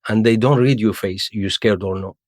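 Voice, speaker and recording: A man's voice: lowish voice, normal speed, dry recording, clean studio sound. A middle-aged Iraqi man, native Arabic speaker, telling his story in broken English with London slang and acting out other people's voices, as a podcast guest. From Iraq. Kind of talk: casual storytelling interview.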